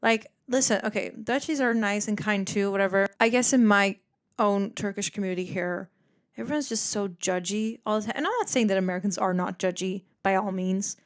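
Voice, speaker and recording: A woman in her twenties from the Netherlands, hosting a podcast in casual chat, animated and swearing freely, acting out other people's voices. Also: mid-range voice, fairly quick. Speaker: podcast host.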